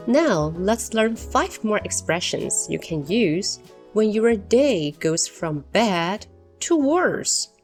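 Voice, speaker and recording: A woman hosts an English-learning podcast and walks through everyday phrases at an unhurried pace. Her mid-pitched voice stays clear and scripted. She acts out each example phrase with expression. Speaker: English teacher and podcast host.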